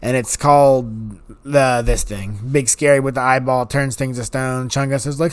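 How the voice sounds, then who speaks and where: A man giving casual, rambling commentary over his gameplay, acting out quoted dialogue in higher voices. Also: steady tone, moderate pace, smooth. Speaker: gaming YouTuber.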